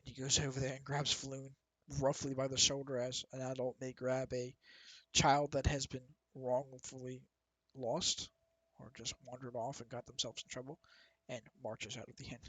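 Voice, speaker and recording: A man's voice: medium pitch, flat delivery, normal speed, few pauses, fairly bright tone, no room sound, low-quality recording. A man narrating casually as the game master of a tabletop game, with frequent fillers. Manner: casual, laid-back, with fillers.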